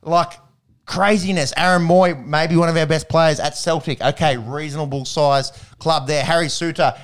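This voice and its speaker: An Australian man talks through sports results in loose, rambling chat full of slang. His voice is smooth and clear. He sounds relaxed and conversational, like a regular podcast host. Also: a little high, moderate pace.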